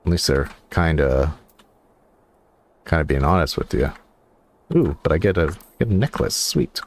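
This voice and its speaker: A man's voice: very deep voice, animated, normal speed, long pauses. A man streaming a game, giving casual commentary with wry, joking asides.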